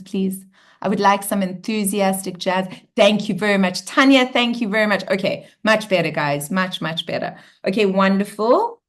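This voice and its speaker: A woman hosting a live online coaching session in an upbeat, bubbly way, acting out cheerful affirmations as she talks. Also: mid-range voice. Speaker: workshop host.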